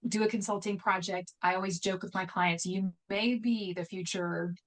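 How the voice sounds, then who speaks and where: A woman's voice: medium pitch, fairly even intonation, moderate pace. A middle-aged woman from Texas, talking energetically as an interview guest, joking often and using many fillers. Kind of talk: conversational interview.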